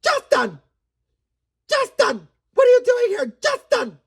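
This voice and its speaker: A man putting on a shrill, high voice to play an angry young wife calling out for her husband. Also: wildly swooping pitch, slow pace, creaky, exaggerated voice. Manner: shrieking calls.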